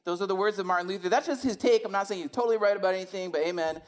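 A woman's voice: mid-range voice, rapid-fire. A woman preaching a sermon in a conversational, emphatic way, often asking rhetorical questions.

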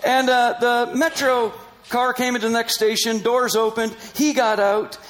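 A middle-aged or older man, a Christian missionary, telling a personal story in conversation, animated and laughing often as he acts out the dialogue. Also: very high-pitched, measured pace, rough recording.

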